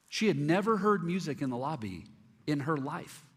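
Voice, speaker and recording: A middle-aged male pastor telling a story in a sermon, candid and humorous with animated delivery. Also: a little high, quick pace, slightly rough. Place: church auditorium. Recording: long reverb of a church hall.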